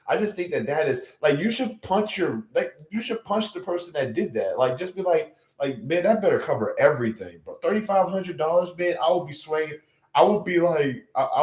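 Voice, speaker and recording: A man's voice: a little high, reverberant. A young man hosting a livestream, chatting casually, incredulous and exclamatory, often repeating himself. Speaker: livestream host.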